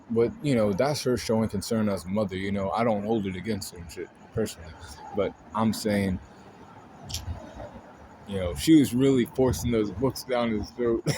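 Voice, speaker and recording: A man's voice: lowish voice, background noise. A man casually rambling through an anime ranking, full of fillers and swearing. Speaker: anime video host. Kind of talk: casual chat.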